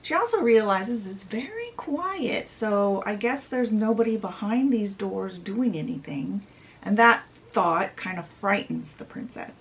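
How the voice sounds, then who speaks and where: A woman's voice: mid-range voice, animated, a little slow, a little hiss or hum, low-quality recording. A woman book reviewer retelling a fairy tale in a chatty, casual way, adding asides. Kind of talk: casual storytelling summary.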